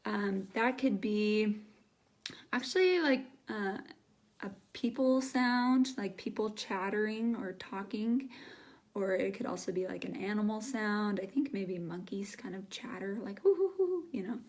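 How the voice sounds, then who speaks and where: A young woman leads an online English class at an unhurried pace. She explains each word patiently and acts out the sounds herself. Her voice sits in a middle register. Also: mid-range voice, a little mellow. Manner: slow, patient, demonstrates sounds aloud. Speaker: English teacher. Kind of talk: live online English lesson.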